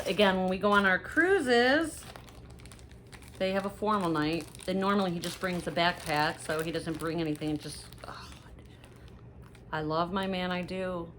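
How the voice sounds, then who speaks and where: A middle-aged woman chatting casually to viewers in a haul video, rambling and gossipy with lively asides. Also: fairly low pitch, slight background noise. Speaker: haul vlogger.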